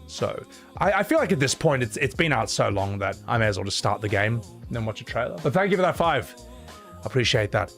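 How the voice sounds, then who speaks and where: A man's voice: mid-range voice, big pitch swings, fairly quick, creaky, a bit bright, faint music behind. Profane, opinionated male streamer. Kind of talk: livestream chat reading donations.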